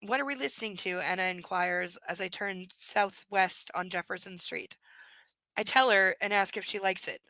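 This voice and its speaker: A woman with a bright, forward voice reads a novel aloud live from home. She keeps breaking off to add dry, sarcastic commentary. The sound is close and dry with no room echo. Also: medium pitch, normal speed. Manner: wry, sarcastic asides between read passages. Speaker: reader and host.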